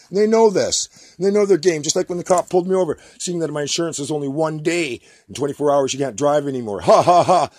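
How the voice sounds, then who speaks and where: A man's voice: on the high side, a little mellow, slightly rough, no echo. A Canadian man ranting to the camera in his home workshop, agitated and rambling, often repeating himself. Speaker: vlogger.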